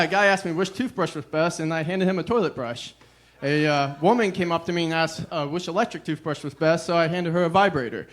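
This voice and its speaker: A young man performing a stand-up comedy set, deadpan and self-deprecating, with a weary "ugh" between jokes. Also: on the high side.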